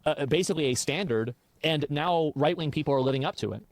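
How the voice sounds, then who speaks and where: Male pundit, quick explanatory delivery, dry close sound. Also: fairly high pitch, no room sound. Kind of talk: political commentary.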